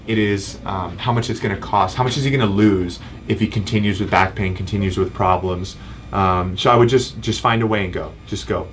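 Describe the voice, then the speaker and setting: This thirtysomething chiropractor hosts a relaxed live Q&A, responding to viewer comments and saying "um" a lot. His voice sits fairly low and moves fairly quickly, with a faint hiss or hum behind it.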